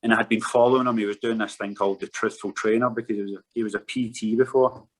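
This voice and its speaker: A man with a somewhat low voice speaks as a podcast guest. He is frank and swears freely as he tells a personal story in a candid, conversational way. He sounds like a man in his thirties. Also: steady tone, quick pace, low-quality recording. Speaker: podcast guest, former footballer.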